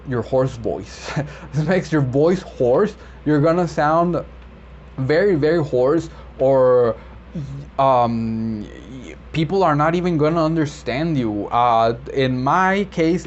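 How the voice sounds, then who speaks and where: A man who works as a medical interpreter, explaining vocabulary in a relaxed, rambling way with many fillers and self-corrections. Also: mid-range voice. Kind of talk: casual explainer video. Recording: slightly dull lo-fi audio with faint background noise.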